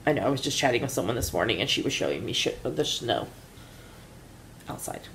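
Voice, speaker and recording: A woman co-hosting a podcast in casual chat, relaxed and chatty, filling her pauses with "um". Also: very deep voice, slight background noise. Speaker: podcast co-host.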